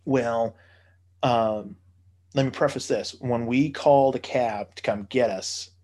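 A man's voice: mid-range voice, takes it slowly, mellow. A man telling a long story in casual podcast chat, profane and rambling with many fillers.

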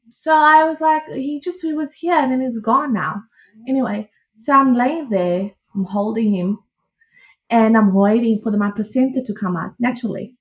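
A young woman casually telling her own birth story, animated and laughing as she acts out what she said back then. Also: fairly high pitch. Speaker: podcast guest. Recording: dull lo-fi audio.

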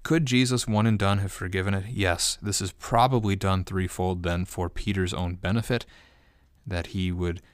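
A man's voice: deep voice, fairly even intonation, moderate pace, no room sound, clean studio sound. A man, a pastor, giving an unscripted bible study commentary, thinking aloud and often restarting his phrases.

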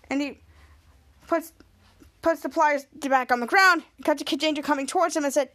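A woman's voice: sits high, normal speed, long pauses, fairly bright tone. A woman podcast host casually recapping a TV episode, rambling with frequent restarts.

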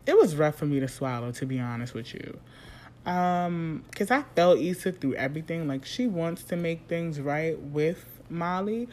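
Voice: mid-range voice, lively intonation, a little slow, darkish tone. A podcast host in their thirties, talking solo in a candid, slangy, profane monologue full of sudden emphatic jumps.

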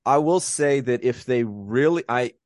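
A man's voice: medium pitch, animated, a little slow, a little mellow, dry recording, studio quality. A man co-hosting a podcast, recapping a film in casual, profane chat and joking as he goes. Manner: profane, joking, breaks into mock voices. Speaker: podcast co-host.

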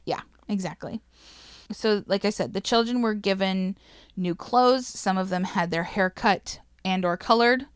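A woman's voice: medium pitch, a little slow, smooth, no room sound. A woman casually telling a history story to a co-host, swearing freely, laughing and getting emotional.

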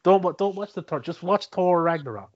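A man talking movies with a friend, with a lively, bouncing pitch that swings up whenever he gets excited. He laughs a lot, restarts his sentences and drops the odd swear word. The sound is a bit dull and lo-fi. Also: brisk, a crowd in the background. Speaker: podcast co-host. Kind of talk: casual chat about movies.

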